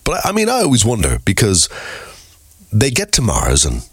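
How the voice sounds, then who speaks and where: A man presenting on a country music radio station, chatting casually in a rambling, animated way. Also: lowish voice, moderate pace, slightly rough, no echo, clean studio sound. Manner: rambling, animated, mocking asides.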